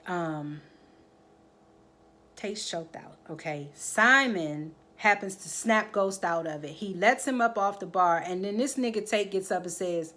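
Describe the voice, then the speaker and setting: A woman's voice: mid-range voice, unhurried. A woman recapping a TV drama episode in casual chat, acting out the characters' lines and talking straight to her viewers. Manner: animated storytelling, acts out the characters' lines; addresses viewers directly, keeps checking in with "okay?". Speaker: TV episode reviewer.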